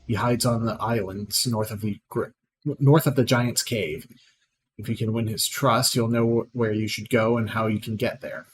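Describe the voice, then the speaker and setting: A man's voice: fairly low pitch, steady tone, moderate pace, close to an everyday voice, low-quality recording. A man reading a scornful proud sorceress. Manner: reads aloud plainly with small slips. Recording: clear background noise.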